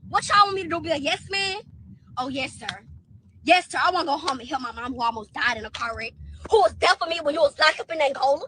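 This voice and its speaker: A woman vents hard in a social media clip, upset and circling back over her words. Her voice is very high and bright. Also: animated, racing, slight background noise. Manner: upset, repeats herself, rants. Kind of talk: emotional venting to camera.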